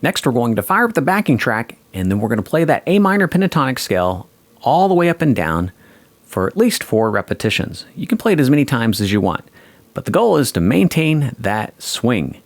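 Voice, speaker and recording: A man teaching a guitar lesson, calmly explaining and counting the beat aloud. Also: mid-range voice, a little fast, dry recording. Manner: calm explaining, counting beats aloud over a track. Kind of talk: instructional lesson.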